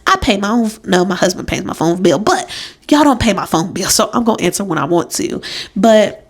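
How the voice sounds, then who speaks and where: A woman's voice: mid-range voice, animated, a little fast. A young woman hosting a casual solo podcast from a room in her home, chatty and emphatic, laughing at herself. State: pregnant. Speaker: podcast host.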